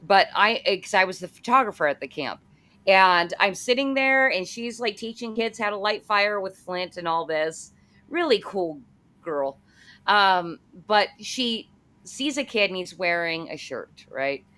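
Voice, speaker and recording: Bright, chatty woman interviewer. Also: medium pitch, measured pace. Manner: chatty, animated anecdote-teller. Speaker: interviewer, host. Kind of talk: casual interview chat.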